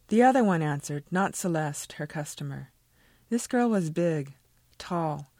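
A woman, the author, reading a passage from her own novel in a measured, expressive way. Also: low voice, no echo.

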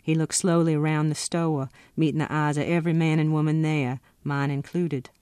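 A woman author reading from her own novel in a steady, expressive first-person narration. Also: sits low, moderate pace, clean tone, dry recording, clean studio sound.

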